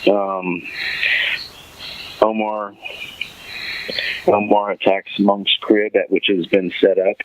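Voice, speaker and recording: Deep-voiced man, dull lo-fi sound. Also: level tone, slow, pauses often, slight background noise. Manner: rambling, thinking aloud with many fillers. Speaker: podcast host. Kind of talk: casual recap of a TV episode.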